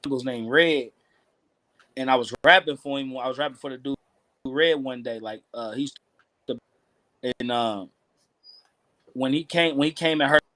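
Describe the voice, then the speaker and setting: Male rapper, 30s, Kentucky Southern accent, relaxed slangy storyteller, mid pitch, dry recording. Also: normal speed, pauses often, no room sound. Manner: laid-back slangy storytelling. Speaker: rapper guest. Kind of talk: casual interview chat.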